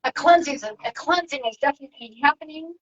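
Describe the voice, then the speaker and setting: Woman, spiritual livestream host, soft and drifting delivery, light high voice. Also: quick pace, lo-fi sound. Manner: soft, reflective, drifting between topics. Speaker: spiritual channeler broadcasting to viewers. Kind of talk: casual spiritual livestream talk.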